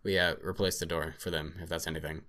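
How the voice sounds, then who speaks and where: A man's voice: deep voice, level tone, fast talker, sharp tone. A man voicing a brash, profane male field agent who swears and wisecracks. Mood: wry.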